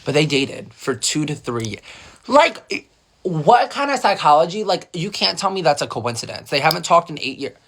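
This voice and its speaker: A young man telling a story in a casual storytime vlog, animated and gossipy, swearing freely. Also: fairly high pitch, normal speed.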